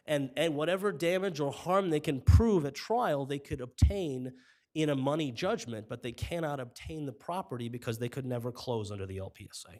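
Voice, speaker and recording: A man arguing as an attorney in a courtroom, formal and measured, his voice wearing thin. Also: fairly high pitch, darkish tone. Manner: formal, measured, apologetic when interrupted. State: voice giving out. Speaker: appellate attorney. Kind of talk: courtroom oral argument. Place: appellate courtroom.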